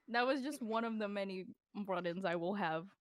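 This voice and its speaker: A young woman co-hosting a podcast, telling a story in casual chat, animated and laughing often as she acts out what people said. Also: medium pitch, no room sound. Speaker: podcast co-host.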